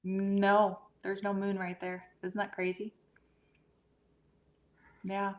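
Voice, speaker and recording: A woman talking in a relaxed, gushing way about pictures and energy, speaking over a remote call. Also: mid-range voice, slow. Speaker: guest medium. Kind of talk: casual podcast chat.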